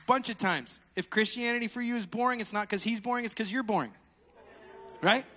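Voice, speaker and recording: A man preaching a sermon, animated and laughing, swinging between loud exclamations and hushed asides. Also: extremely high pitch, big-room sound.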